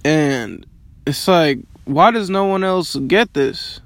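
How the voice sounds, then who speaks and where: A man's voice: a little high, animated, slow pace, fairly bright tone, no room sound. A man in his early twenties rambling casually, swearing often and filling his questions with "like". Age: 20s.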